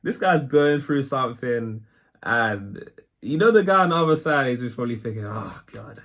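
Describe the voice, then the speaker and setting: A man's voice: mid-range voice, expressive, moderate pace, a bit bright. A British man hosting a reaction video, rambling in casual commentary and often laughing as he talks to his viewers. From Britain.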